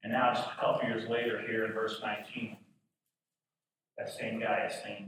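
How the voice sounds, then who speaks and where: Male preacher, fervent then hushed, bright voice, miked from afar in a big room. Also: fairly low pitch, flat delivery, normal speed, long pauses, a little hiss or hum. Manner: swings from shouted fervor to hushed intimacy. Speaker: pastor. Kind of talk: sermon. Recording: roomy echo from a distant mic.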